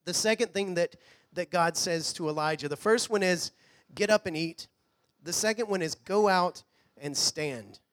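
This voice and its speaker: A man preaching a sermon in a church, earnest, sometimes dropping to a hush. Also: sits high, normal speed. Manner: earnest preaching, drops to a hush on quoted lines. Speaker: pastor. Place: church hall.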